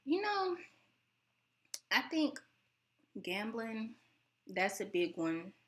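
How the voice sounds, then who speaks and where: A young American woman hosting her own channel, chatting casually and animatedly, laughing often, and her voice sounds a bit teary even when she's not upset. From United States. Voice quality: voice sounds close to tears. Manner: animated, laughing, mimics relatives in high voices. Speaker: vlogger host. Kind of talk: casual talking-to-camera chat.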